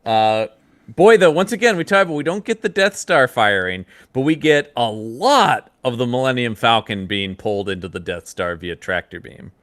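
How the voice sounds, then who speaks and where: A man co-hosting a podcast, chatting casually about comics and now and then jumping into loud mock voices. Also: medium pitch, expressive, normal speed, dry recording. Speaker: podcast co-host. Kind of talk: casual comic-book discussion.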